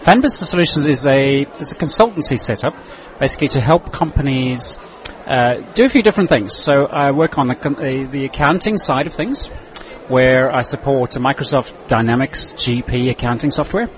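A man working as a software consultant, explaining his product steadily in a trade-show interview. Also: mid-range voice, lively intonation, a little fast, dull audio, a little hiss or hum.

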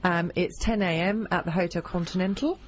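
A woman's voice: lowish voice, fairly even intonation, fairly quick, muffled recording, a little hiss or hum. A woman with a New Zealand accent co-hosting a radio show, teasing her co-host and reading out event notices. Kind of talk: casual radio chat.

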